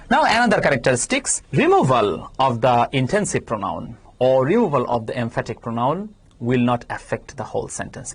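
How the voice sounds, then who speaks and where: A woman with a Bangladeshi English accent teaching grammar in a televised class, explaining patiently and stressing key words with sudden leaps in pitch. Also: husky.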